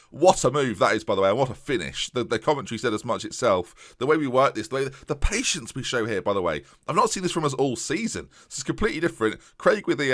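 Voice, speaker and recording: A man with a fairly low voice and a sore throat commentates on his football management game for his viewers. He talks fast and excitably, stumbling into restarts as the match swings, and sounds close and dry on a desk microphone with no room sound. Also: dry recording. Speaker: gaming YouTuber. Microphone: USB desktop microphone.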